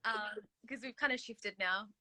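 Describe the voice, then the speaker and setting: Bright, dry-sounding young woman chatting. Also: medium pitch, moderate pace, no room sound, rough recording. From Australia. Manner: rambling, many fillers and restarts. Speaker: co-host. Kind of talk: casual chat.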